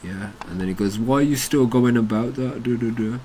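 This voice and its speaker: A man's voice: medium pitch, fairly quick, warm tone, slight background noise. A British man hosting a crypto channel, ranting bluntly and combatively about a chat argument, with plenty of swearing. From United Kingdom.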